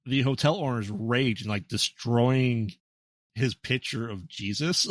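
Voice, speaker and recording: A man co-hosting a podcast speaks slowly at medium pitch, with no echo in the recording. He offers laid-back, hesitant thoughts on a film, full of ums and restarts plus dry asides, in a casual movie review chat.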